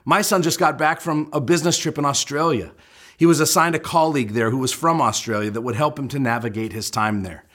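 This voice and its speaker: A man's voice: medium pitch, brisk, fairly bright tone. A middle-aged man preaching a sermon, explaining step by step and leaning hard into his key points. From United States. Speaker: pastor.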